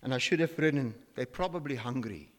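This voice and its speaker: A man's voice: mid-range voice, expressive, fairly quick, big-room sound. An older man preaching a sermon in a church, emphatic and full of rhetorical questions as he quotes scripture. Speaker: pastor.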